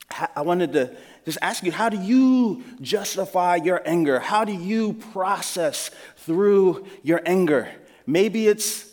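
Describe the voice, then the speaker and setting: High-voiced pastor preaching in a hall. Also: male voice, darkish tone. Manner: earnest, conversational storytelling. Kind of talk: sermon. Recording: long hall reverb.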